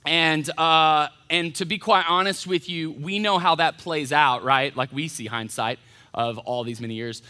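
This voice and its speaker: A man, a college pastor giving an informal, animated sermon and acting out voices as he retells stories. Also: on the high side, measured pace. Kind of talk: casual sermon. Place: church hall.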